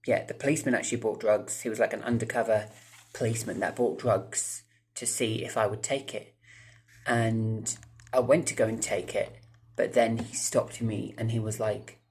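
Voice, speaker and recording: A man's voice: on the low side, steady tone, normal speed, a little mellow, a little hiss or hum. A man, telling a rambling storytime to his viewers, swearing freely and breaking off into asides. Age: 30s. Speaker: vlogger. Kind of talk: casual storytime monologue.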